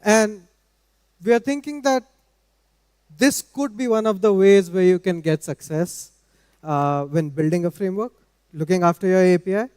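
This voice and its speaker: A man giving a technical talk at a conference in a measured, explanatory way. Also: high voice, a little mellow, clean tone, no echo, clean studio sound, long reverb tail. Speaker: conference speaker. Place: large conference hall.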